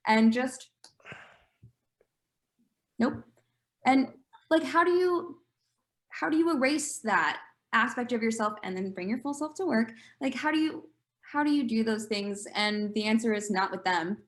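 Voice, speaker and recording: Female panelist, a bit high-pitched, candid and open, laughs between points. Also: a little slow, long pauses. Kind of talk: panel discussion.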